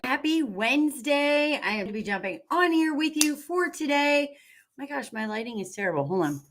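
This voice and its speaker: A woman's voice: a little high, sing-song, a little fast, a bit bright. A middle-aged woman hosting a live stream into her webcam, bubbly and enthusiastic, greeting viewers and cheering with whoops. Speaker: livestream host.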